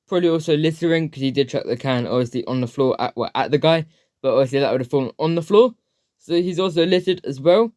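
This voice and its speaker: A man talks over a clip in reaction commentary, hedging and unsure of himself. His voice sits a bit high. The sound is dry and close. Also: fast talker, a little mellow, no room sound. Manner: hesitant, hedging, repeats "obviously". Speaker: reaction video host.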